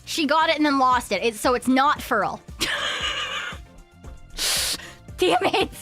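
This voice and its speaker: A woman's voice: sits high, moderate pace, pushed and bright, faint music behind. A young woman streaming a game, chatting in a playful, rambling way, swearing and giggling often. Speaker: VTuber streamer. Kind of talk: casual live-stream chat.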